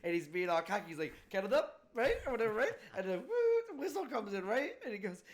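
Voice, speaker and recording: Young male host, high and very lively voice, excitable, laughs often, casual chat. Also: fast talker. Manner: excitable, laughs a lot, acts out movie scenes. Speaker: podcast host.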